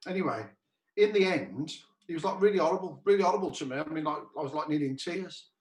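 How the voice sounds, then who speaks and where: A man's voice: fairly high pitch, expressive, fast talker. A man hosting a cabaret chat show, casually telling a rambling anecdote with many restarts over a video call. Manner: rambling, repeats "he said", restarts often. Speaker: cabaret musician host. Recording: roomy echo.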